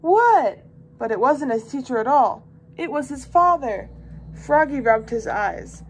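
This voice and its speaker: A woman volunteer reading a children's picture book aloud with expressive, lively storytelling. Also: sits high, a little slow, slight background noise. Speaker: volunteer reader.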